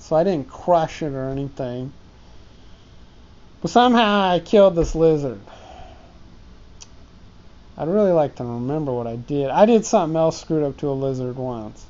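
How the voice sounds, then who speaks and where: A man's voice: on the high side, dark tone, muffled recording. A man talking to his pet ant in a casual, meandering stream-of-consciousness monologue, often breaking off and chuckling.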